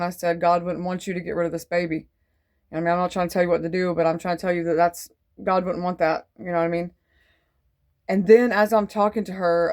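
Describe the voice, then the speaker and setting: Rambling, earnest woman sharing testimony. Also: on the low side. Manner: rambling and digressive, full of "like" and "um"; earnest and faith-filled. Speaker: Christian testimony vlogger. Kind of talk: casual spoken testimony.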